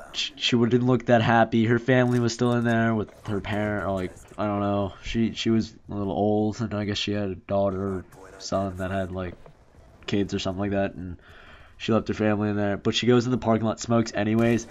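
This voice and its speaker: A man's voice: fairly low pitch, a little mellow. A young man telling stories in a casual, rambling commentary, full of fillers and restarts. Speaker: commentary youtuber. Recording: faint background noise.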